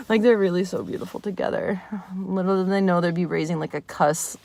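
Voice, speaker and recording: Her voice is very high and moves at a normal speed. She's a vlogger in her thirties, talking to camera from a parked car in the rain, chatting in a loose, rambling way, often laughing and cursing without hesitation.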